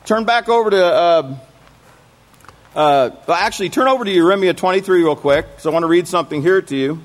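A man's voice: sits high, a bit bright. A man giving a sermon to a congregation, reading scripture aloud and often checking in with his listeners through questions. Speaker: congregation teacher.

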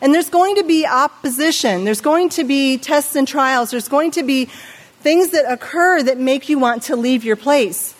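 A middle-aged woman preaching a sermon in an animated way, asking her listeners questions and acting out the voices she quotes. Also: high voice, moderate pace, long reverb tail.

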